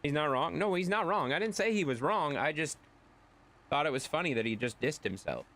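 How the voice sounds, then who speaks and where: A man's voice: fairly high pitch, lively intonation, brisk, fairly bright tone. A man streaming live, chatting casually and rambling as he answers viewers' chat.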